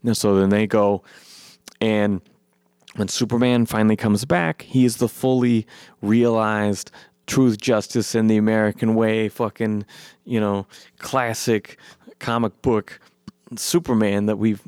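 A man excitedly recapping a film in a rambling, profane way, his voice worn from long talking. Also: on the low side, measured pace, clear, resonant tone, no room sound, clean studio sound. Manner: enthusiastic, profane, rambling with many fillers. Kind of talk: excited movie recap monologue.

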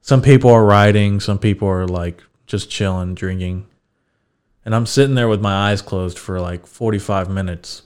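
A young man with a fairly low voice tells a story on a podcast. His delivery is loose and unhurried, with plenty of swearing and laughter running through it. He comes across as a casual, chatty host. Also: a little mellow, smooth. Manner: laid-back, swears freely, laughs through his stories.

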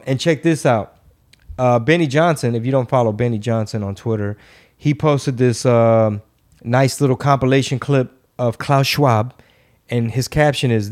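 A man's voice: medium pitch, a little mellow. A man hosting a podcast, chatting casually in a sarcastic, ranting way. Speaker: podcast host. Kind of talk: casual chat.

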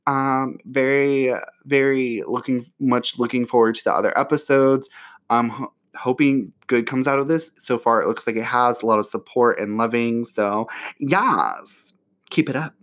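A man's voice: mid-range voice, normal speed, a bit bright. A man hosting a casual solo podcast from home, chatty and profane, with lots of fillers. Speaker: podcast host. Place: home near an airport.

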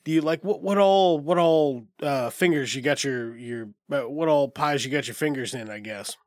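A man's voice: mid-range voice, moderate pace, no room sound, studio quality. A congested man hosting a casual podcast interview, easygoing and laughing often. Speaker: podcast host.

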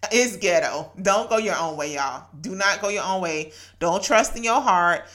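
Bright-voiced woman giving a chatty devotional. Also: on the low side, expressive, normal speed. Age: late 30s to 40s. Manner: earnest and chatty, laughs often, quotes scripture. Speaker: podcast host. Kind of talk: casual devotional talk.

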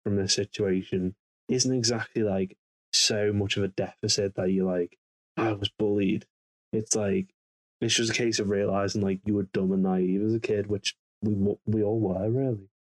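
A podcast co-host with a fairly low voice, wry and teasing in casual chat. He riffs on his guests with a deadpan edge. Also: moderate pace, rough recording.

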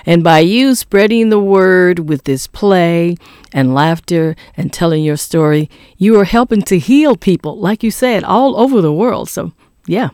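A man hosting an interview, affirming and unhurried, quoting scripture back to his guest. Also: high voice, darkish tone, clean tone, no echo, clean studio sound. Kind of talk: casual interview.

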